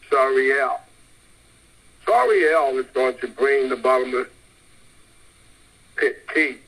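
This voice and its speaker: Husky man preaching insistently. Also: mid-range voice, a bit bright, poor audio. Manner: emphatic, repetitive, insistent preaching. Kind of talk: street-style sermon.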